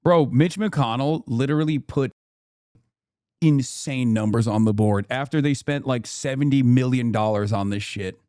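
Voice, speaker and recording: A man hosting a live stream, reacting to political clips with loud, profane, mocking commentary that swings into shouting. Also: medium pitch, normal speed, dry recording, soft background music.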